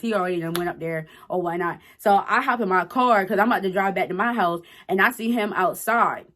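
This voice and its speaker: A woman's voice: medium pitch, fairly bright tone. A woman in her twenties telling a personal story to her viewers in a blunt, profane, emphatic way. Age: 20s. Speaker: storytime vlogger. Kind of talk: casual storytelling to camera.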